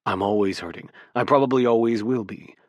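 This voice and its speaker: A man voicing a low, hushed lover. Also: brisk, no room sound, clean studio sound, lightly acted. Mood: tender. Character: gruff, tender adult male footballer lover. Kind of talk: audiobook character voice.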